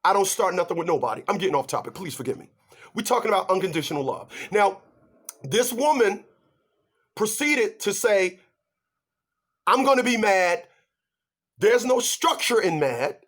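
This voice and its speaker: A man giving relationship advice in an animated monologue, emphatic and stammering as he talks straight to his audience. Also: high-pitched, moderate pace, husky. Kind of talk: animated ranting monologue to viewers.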